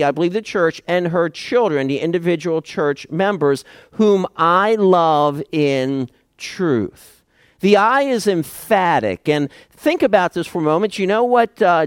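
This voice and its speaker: Male pastor, expository sermon, slow measured delivery, slightly high voice, dry close sound. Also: no echo. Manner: deliberate, emphatic, often quotes verses aloud.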